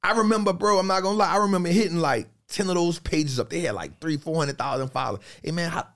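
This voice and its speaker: A man in a casual podcast chat, telling stories in an animated, slangy way and repeating phrases for emphasis. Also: a little high, fast, vocal fry.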